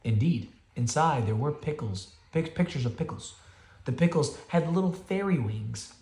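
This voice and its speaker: A man's voice: fairly high pitch, animated, moderate pace, dark tone. A father reading a children's picture book aloud, chatty, with asides to his kids. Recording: roomy home room echo.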